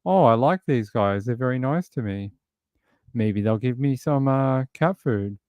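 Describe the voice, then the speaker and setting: A man's voice: mid-range voice, expressive, measured pace, darkish tone, smooth, no room sound, natural voice. A man voicing a relieved female cat that is happy to be out of the rain, in a sing-song, raised voice. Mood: pleased.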